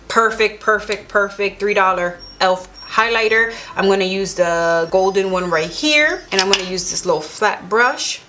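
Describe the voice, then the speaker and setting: Talking as she does her makeup, a young beauty vlogger narrates her tutorial in a gushing, enthusiastic way. Her voice sits in the mid-range and is a bit bright.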